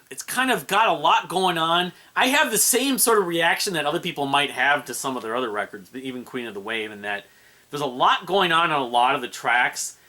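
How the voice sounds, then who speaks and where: A man talks his way through an album review in a loose, rambling manner. He uses lots of fillers and restarts. His voice sits a bit high and sounds very bright. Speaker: music reviewer.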